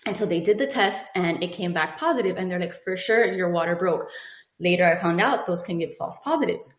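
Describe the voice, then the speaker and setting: Recorded in an echoey room, this thirtysomething woman tells a personal story as a podcast guest, performing other people's lines with animation. She speaks fairly quickly in a fairly low voice.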